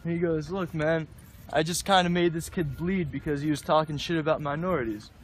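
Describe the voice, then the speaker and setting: A young man casually telling a story outdoors, relaxed and easygoing. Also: on the high side, brisk, slight background noise. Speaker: interviewee.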